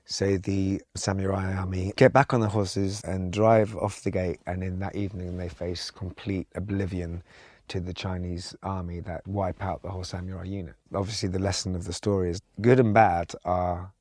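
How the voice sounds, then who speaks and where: A man, a songwriter guest on a podcast, telling a long story in a calm, reflective, conversational way. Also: sits low, normal speed, no room sound.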